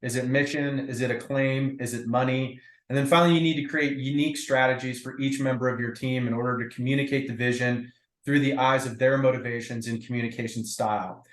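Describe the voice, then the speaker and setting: A man leading a group discussion on a video call, his voice bouncing around an echoey room. He talks in a reflective, casual way, stumbling over fillers as he thinks aloud. His pitch sits in an ordinary middle range. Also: steady tone, brisk. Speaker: breakout group facilitator. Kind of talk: casual meeting talk.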